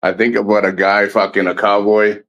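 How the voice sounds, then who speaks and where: A man's voice: on the low side, level tone, moderate pace, a bit bright, highs cut off. A man chatting casually on his livestream, loose and profane, with plenty of laughter. He rambles and restarts his sentences as he greets viewers and tells stories. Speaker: livestream host.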